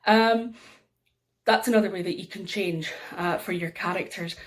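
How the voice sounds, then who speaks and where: A woman with an Aberdeen Scottish accent leads a storytelling workshop. She talks lively, shifts her pitch and loudness to show off voices, and says um often. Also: a little slow. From Aberdeen, Scotland. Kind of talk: instructional workshop talk.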